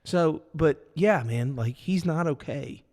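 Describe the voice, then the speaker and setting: A podcast co-host rambles through a loose, animated casual chat, piling up fillers as he goes. His fairly high voice has a gravelly, creaky edge and moves slowly, ringing with a long reverb as though the room is large and echoey.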